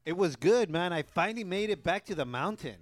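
A man's voice: high-pitched, expressive, brisk, no room sound. A man co-hosting a casual podcast, joking and laid-back, who often tags his lines with "eh". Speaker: co-host.

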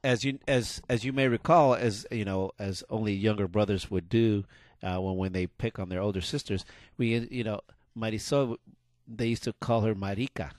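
A man's voice: lowish voice, steady tone, normal speed, a little mellow, no echo. A middle-aged man co-hosting a radio show, telling stories in a chatty way and often restarting his sentences. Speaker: radio co-host. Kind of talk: casual radio banter.

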